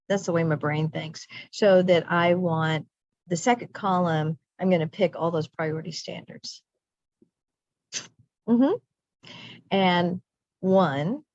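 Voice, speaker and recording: A woman's voice: fairly low pitch, dry recording, lo-fi sound. A middle-aged woman leading a recorded teacher training session, chatty and self-interrupting, laughing at herself.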